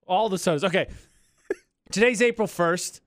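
Man, radio host, casual studio banter, slightly high voice, dry close mic. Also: normal speed, no echo. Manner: storytelling, laughs often, animated. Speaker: radio morning show host. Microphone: studio microphone.

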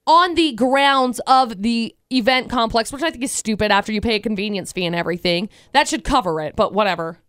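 High-voiced exasperated woman radio host. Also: fairly quick, hardly any pauses, fairly bright tone, smooth, dry recording, clean studio sound. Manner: exasperated, ranting about traffic. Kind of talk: casual radio chat.

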